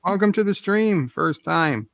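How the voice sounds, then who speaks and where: A relaxed man hosting a casual livestream chat, his voice sitting a bit high. He reads viewer comments aloud in an easygoing way, recorded dry and close with no room sound. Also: unhurried, creaky, dry recording. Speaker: livestream host.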